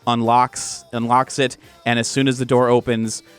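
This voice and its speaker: A man's voice: medium pitch, flat delivery, moderate pace, clean tone. A man narrating as game master of a tabletop role-play, in a loose, filler-heavy way.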